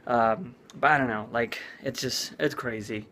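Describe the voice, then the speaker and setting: A man's voice: mid-range voice, steady tone, measured pace, sharp tone. A man vlogging in a casual chat, rambling with lots of "like" and "uh". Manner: rambling, full of "like" and "uh".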